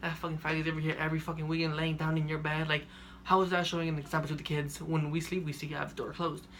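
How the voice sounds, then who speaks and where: A young man quoting his angry, cursing mother in a quieter voice than his storytelling. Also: deep voice, level tone, quick pace, slight background noise. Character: angry middle-aged mother, scolding and cursing.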